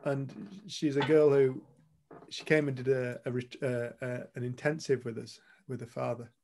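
A man's voice: medium pitch, flat delivery, moderate pace, creaky, warm tone. A man co-hosting a retreat, telling a story to a group in a blunt, earnest way and swearing casually. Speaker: retreat co-host. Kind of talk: candid storytelling talk to a group.

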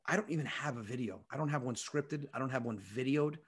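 A man, a comedian, telling a personal story with animated, profane energy. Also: mid-range voice, breathy edge. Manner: animated, profane, quick-talking. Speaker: comedian guest. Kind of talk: comic storytelling.

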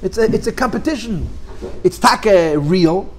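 A man with a notably high voice gives a conversational Torah class. He leans hard on key points, throws out rhetorical questions, and circles back over his own words as he rephrases. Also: animated, moderate pace, soft background music.

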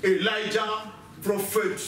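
A man's voice: sits high, little pitch movement, slow, fairly bright tone, slight background noise. A man preacher voicing a panicked young male servant in a sermon retelling, in an echoey room away from the mic. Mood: boastful. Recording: echoey church room from a distance.

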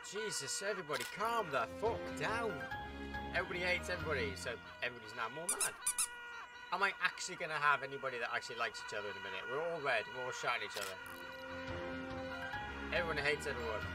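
A man commentating on a video game as he plays, excitable and chattering, cheering the game on. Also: medium pitch, fast, pauses often, over loud music. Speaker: gaming YouTuber. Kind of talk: let's play commentary. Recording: loud background noise.

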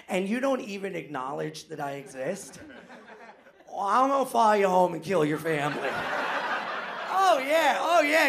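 A man doing a loud, manic, self-mocking stand-up set on a club stage in front of a live audience, often laughing at his own jokes. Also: very high-pitched, creaky, noisy background. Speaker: stand-up comedian.

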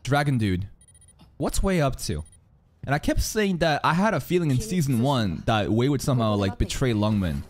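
A man reacting live to an anime episode, excitable and profane, swinging between loud outbursts and low muttering. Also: normal speed.

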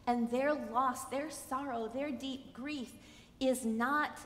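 A woman giving a sermon as a guest preacher, expressive, moving between hushed lines and loud emphatic ones and asking the congregation questions. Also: high voice, slow pace. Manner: speaks directly to the congregation with questions. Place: church sanctuary. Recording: echoey church with long reverb.

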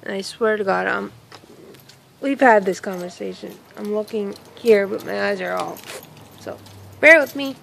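A woman's voice: mid-range voice, normal speed, creaky, pauses often, fairly bright tone, slight background noise, poor audio. A woman vlogger telling a story in a casual, rambling way, outdoors in a yard and filming on a phone she holds herself, with lots of exclamations and self-interruptions.

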